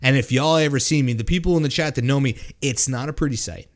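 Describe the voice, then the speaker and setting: A man co-hosting a casual drinking podcast, rambling and swearing, with lots of fillers and restarts. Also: medium pitch. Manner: rambling, profane, halting with fillers. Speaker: podcast co-host. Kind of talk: casual drinking-show chat.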